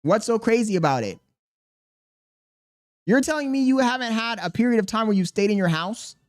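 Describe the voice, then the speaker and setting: A man's voice: high voice, lively intonation, moderate pace. A young man livestreaming, talking casually and defensively to his chat, rambling and firing questions back at them.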